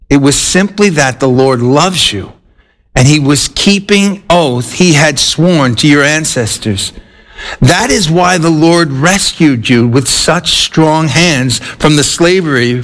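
A man preaching a sermon in a high, light voice. He talks earnestly, climbing into emphatic peaks and then stretching key phrases out slowly. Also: a bit bright. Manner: earnest, rising to emphatic peaks and slowing to drawn-out stresses.

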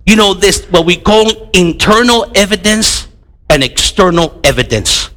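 A high-voiced, middle-aged man leads a Bible class in an animated storytelling way. His pitch swings widely as he acts out the people in his stories. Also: a little slow, poor audio. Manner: animated storytelling, acting out dialogues. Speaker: Bible teacher. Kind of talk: lively Bible class teaching.

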